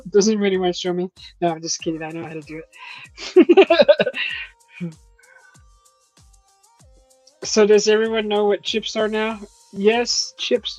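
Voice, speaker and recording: A woman's voice: medium pitch, a little mellow, no echo, poor audio. A woman hosting a casual live chat from her home kitchen, chatty and teasing, laughing often as she reads viewer comments. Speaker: host of a live chat stream.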